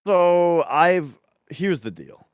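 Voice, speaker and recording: A man co-hosting a podcast in casual chat, rambling with lots of fillers and animated asides. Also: sits high, extremely slow, clear, resonant tone, dry recording, studio quality. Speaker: podcast co-host.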